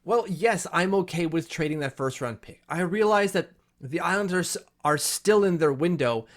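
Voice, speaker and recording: A man hosting a casual hockey commentary vlog from home, chatty and self-deprecating. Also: fairly high pitch. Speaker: hockey YouTuber.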